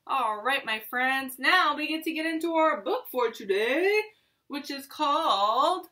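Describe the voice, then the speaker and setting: A woman's voice: high voice, takes it slowly, bright, forceful tone. A young woman teaching preschool, reading a picture book aloud at circle time in a sing-song, encouraging way for toddlers.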